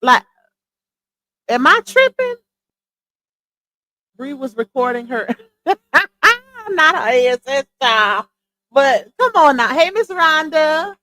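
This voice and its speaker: A woman's voice: high voice, sing-song, takes it slowly, long pauses, pushed and bright, dry recording. A woman hosting a live stream, chatting casually and incredulously to her viewers, with laughing asides. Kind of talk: casual commentary on a clip.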